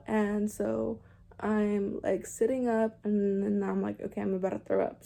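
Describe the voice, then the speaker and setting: A woman's voice: mid-range voice, vocal fry, mellow. A young woman casually telling a personal story to camera, chatty and full of "like" and "um", with a newborn in her arms. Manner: chatty, heavy "like" and "um", swears casually. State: holding a fussing baby. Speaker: vlogger.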